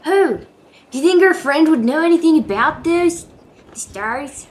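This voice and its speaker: A woman's voice: high voice, expressive, unhurried, slight background noise. A woman playing a tabletop game, talking casually and searching for words. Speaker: player. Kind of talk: casual chat. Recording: roomy echo.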